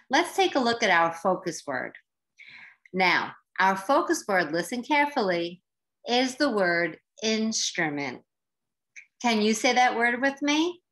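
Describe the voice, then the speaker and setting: A woman teacher giving a slow, clear lesson to young learners, encouraging them and stretching words out syllable by syllable. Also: mid-range voice, a bit bright. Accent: American.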